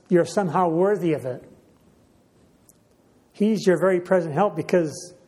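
Man preaching a measured sermon. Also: high voice, a little mellow. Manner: measured, repeats key phrases for emphasis; clears throat often.

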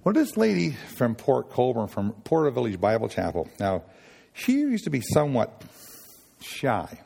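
A man from Nova Scotia with a Nova Scotian accent, giving a folksy talk at a chapel, halting and full of restarts as he tells stories. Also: medium pitch, huge pitch swings, gravelly, dark tone, slightly rough, in a large hall. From Nova Scotia, Canada. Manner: homespun, halting, with many restarts and acted-out dialogue. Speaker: sailors' gospel worker speaking at a chapel.

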